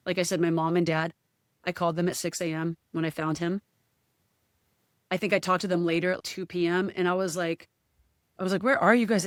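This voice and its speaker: A woman's voice: on the low side, no room sound, studio quality. A woman guest in a casual podcast chat, speaking candidly and emotionally, often quoting what others said. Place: podcast studio.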